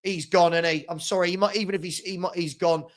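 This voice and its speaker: This man hosts a live fan watchalong, offering partisan running commentary and growing exasperated when his own side makes mistakes. His voice sits high, with fairly even intonation and a quick pace.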